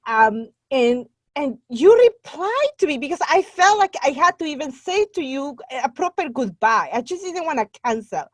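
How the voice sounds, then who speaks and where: In a casual podcast interview, a guest who runs a membership site speaks at normal speed with hardly any pauses, her high-pitched voice sing-song. She's Guatemalan, a native Spanish speaker with that country's accent, and speaks earnestly from the heart. The audio has no echo.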